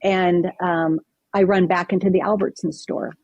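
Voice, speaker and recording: A woman's voice: lowish voice, normal speed, dry recording, highs cut off. A woman guest on a podcast, recounting a personal story vividly and acting out what people said. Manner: vivid, animated retelling with acted-out quotes.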